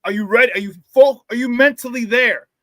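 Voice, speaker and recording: Fired-up high-voiced man hosting sports talk. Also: fairly quick, dry recording. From Chicago area. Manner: fired-up, excitable, repeats words when animated. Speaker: sports talk show host. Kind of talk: casual sports radio talk.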